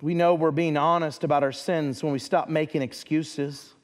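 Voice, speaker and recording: A man's voice: on the high side, steady tone, moderate pace. A man preaching a sermon as a pastor, earnest, often repeating words as he starts a phrase.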